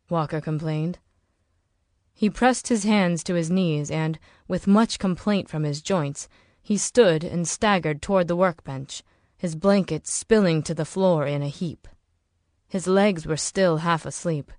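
A woman with a low voice narrates a novel in a steady, measured way. As an audiobook narrator reading a script, she's captured in clean studio sound with no echo.

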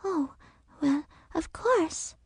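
Casting: a doting older mother in an audiobook, high and creaky, slow and fussy. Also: animated, no echo, clean studio sound, full character voice. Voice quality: high, creaky, often breathy whisper.

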